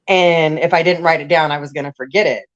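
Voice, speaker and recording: A woman's voice: sits low, fast, muffled recording. A woman telling her life story in a casual interview, blunt and raw, rambling with restarts.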